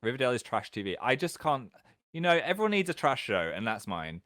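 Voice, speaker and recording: A British man in his thirties hosting a casual livestream from home, chatting and reading out viewer comments in an animated way. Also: dry recording, studio quality. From England. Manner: chatty, animated, quick jumps in pitch. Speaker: livestream host.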